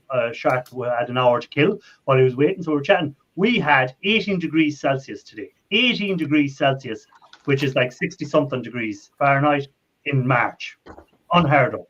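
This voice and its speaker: Through dull lo-fi stream audio comes an Irish man with a medium-pitched, slightly bright voice, hosting a relaxed live chat. He rambles warmly and laughs a lot.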